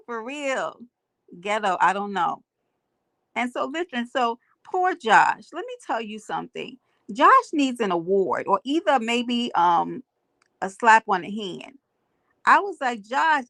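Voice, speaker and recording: A woman's voice: mid-range voice, creaky, a bit bright, dry recording. A woman hosting a live stream, chatting to her viewers, greeting commenters and telling stories. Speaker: livestream host. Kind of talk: casual gossip chat to viewers. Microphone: earphones with mic on a live stream.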